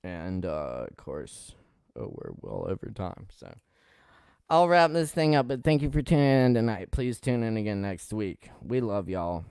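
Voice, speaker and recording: A man hosting a live-streamed poetry open mic. He reads poems with loud, impassioned outbursts and talks in relaxed, quick asides between them. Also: on the low side, creaky, clear, resonant tone, no echo, studio quality. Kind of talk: live-streamed poetry reading and host talk.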